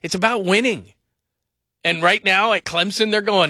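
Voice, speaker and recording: A man hosting a sports talk radio show, animated and rambling as he talks through calls. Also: high-pitched, moderate pace, no room sound, studio quality.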